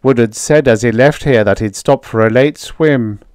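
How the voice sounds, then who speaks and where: A man voicing a slow, dreamy young assistant who speaks with a lisp in an audiobook story. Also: mid-range voice, a little mellow, clean tone, no room sound, studio quality, pitched above the performer's own voice, close to an everyday voice. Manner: lisping, dreamy.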